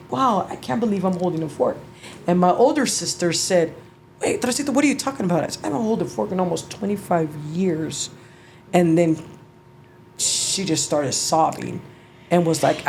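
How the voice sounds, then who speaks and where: A middle-aged woman, an interview guest, telling her story in a halting, emotional way, with restarts and casual swearing. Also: fairly low pitch, vocal fry, a little mellow, a little hiss or hum. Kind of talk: personal storytelling.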